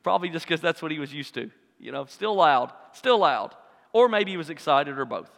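A man preaching a sermon, with a dramatic delivery that swings between loud acted-out cries and hushed asides. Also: a little high, expressive, fast talker, creaky. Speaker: pastor. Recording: long hall reverb.

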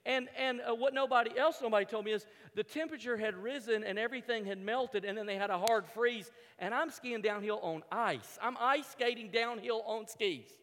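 A man with a strikingly high voice tells a comic story from a stage, animated and lively. He keeps restarting his sentences and acts out what he was thinking. His voice rings out with a long reverb, as in a big hall. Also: normal speed, few pauses. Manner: animated, repeats words as he restarts, acts out his own thoughts. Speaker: speaker telling a story to an audience. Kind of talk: humorous personal story told from a stage.

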